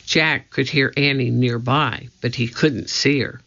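An audiobook narrator giving a measured, deliberate storybook reading on a dull lo-fi recording. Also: medium pitch, fairly even intonation, vocal fry, pushed and bright.

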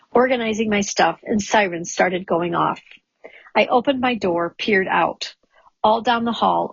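Husky woman reading a memoir. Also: mid-range voice, dry recording. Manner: measured, wry storytelling. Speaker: audiobook narrator. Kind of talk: scripted first-person memoir narration. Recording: dull lo-fi studio recording, dry.

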